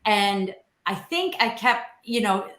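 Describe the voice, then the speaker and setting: A woman co-hosting, telling a story in an animated way and acting out the quoted dialogue. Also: medium pitch, takes it slowly. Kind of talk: casual storytelling. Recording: roomy echo.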